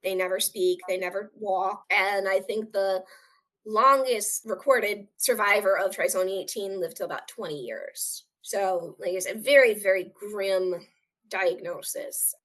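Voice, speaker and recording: Speaking at a measured pace, a woman with a medium-pitched, slightly bright voice tells an interviewer about a painful personal experience. She is earnest and candid, and she often voices the other people in the story herself.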